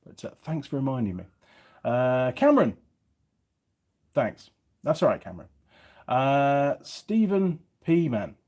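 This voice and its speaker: A man's voice: mid-range voice, big pitch swings, a little slow, long pauses, a little mellow. A middle-aged man from England with a slightly faded Yorkshire accent, chatting casually on a livestream and reading viewer comments aloud. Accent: Yorkshire English, partly faded. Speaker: YouTube mechanic channel host.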